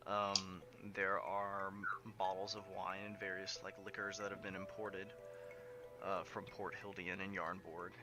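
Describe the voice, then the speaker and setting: A man's voice: sits low, flat delivery, measured pace. A man narrating as game master of a tabletop game, in a casual, filler-heavy way. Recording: background music under the voice.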